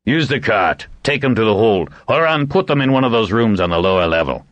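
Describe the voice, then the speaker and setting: A gruff middle-aged lord, as a narrator puts him on, barking orders in a raised, lively voice. His blustering indignance colors every command in this storybook reading, set against a dry, close sound. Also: fairly low pitch, a little fast, no room sound, muffled recording, pitched above the performer's own voice.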